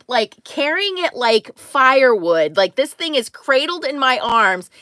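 Middle-aged woman, bright tone, fairly high voice, animated and laughing, casual storytelling, dry close mic. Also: dry recording. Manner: animated, laughing, quick to act out quotes. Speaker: crafting livestream host.

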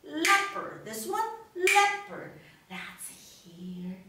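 A woman reading a picture book to young children, teaching animal names with slow repetition for them to echo. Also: very high-pitched. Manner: slow, lively, repeats words for children to echo. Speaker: storytime teacher. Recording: echoey, distant, noisy room.

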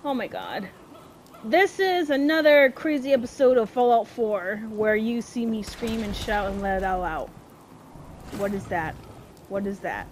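A woman's voice: a little high, a little slow, slight background noise. A woman giving casual gameplay commentary, swearing and shrieking in panic as things go wrong. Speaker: gameplay streamer.

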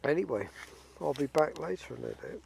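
A man's voice: a little high, animated, moderate pace, creaky, darkish tone, husky. A man chatting casually to camera while out at a fishing match by a lake. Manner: chatty, banters with friends. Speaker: vlogger filming a fishing match. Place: outdoors by a lake at evening. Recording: outdoors at a lake, faint ambient noise.

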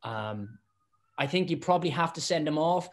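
A man with a slightly high-pitched voice tells stories in a relaxed podcast chat. He is lively and keeps restarting his sentences, repeating words as he goes. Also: moderate pace, creaky. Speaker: former professional referee, podcast guest. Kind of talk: casual podcast chat, anecdotes.

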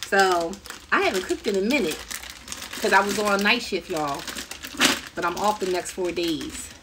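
Picked up from a distance in noisy live-stream audio, a woman hosts a casual cooking stream in her home kitchen, chatting and laughing with viewers as she cooks. Her voice is medium in pitch with lively intonation and a moderate pace.

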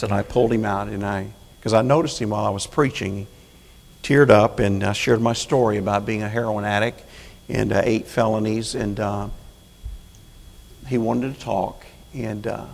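A man's voice: lowish voice, vocal fry, in a large hall. A man preaching as a prison chaplain in a church, folksy and plain-spoken, building to fervent calls for an amen. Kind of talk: sermon. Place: church sanctuary.

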